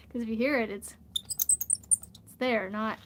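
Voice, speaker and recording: A woman's voice: fairly high pitch, steady tone, takes it slowly. Chatty woman vlogging at home, slight hiss. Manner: chatty, rambling, laughs often. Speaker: crochet vlogger. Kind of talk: casual livestream chat while crafting.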